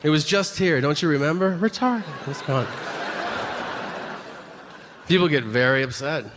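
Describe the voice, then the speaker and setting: A man's voice: on the high side, measured pace. A man doing a stand-up set in a dry way, acting out bits of dialogue. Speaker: stand-up comedian. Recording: hall reverb, clear noise.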